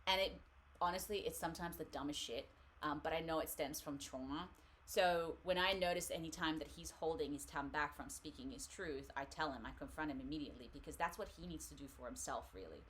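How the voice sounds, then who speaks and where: A woman's voice: deep voice, fairly quick, few pauses, a bit bright, slight background noise. A woman hosting a live tarot reading, talking casually and rambling with frequent laughs. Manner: chatty, rambling, laughs often.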